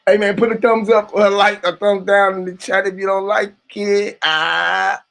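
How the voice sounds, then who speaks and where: A man's voice: sits high, completely flat delivery, moderate pace, a bit bright. A young man streaming live, rambling and joking crudely, often laughing between lines. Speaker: livestreamer. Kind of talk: casual livestream banter.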